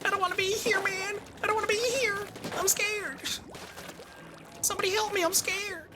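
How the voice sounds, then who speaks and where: A terrified little guy whimpers and pleads in a thin, squeaky voice, as a man puts him on. The voice is shrill and whiny, with video game music playing clearly underneath. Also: level tone, normal speed. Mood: scared, pleading.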